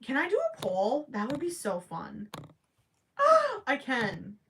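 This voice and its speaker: A woman's voice: high voice, wildly swooping pitch, slow, pushed and bright, a little hiss or hum. A woman hosting a crochet live stream, chatting casually and thinking aloud with stammering restarts, her voice cracking after hours of talking. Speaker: crochet livestream host.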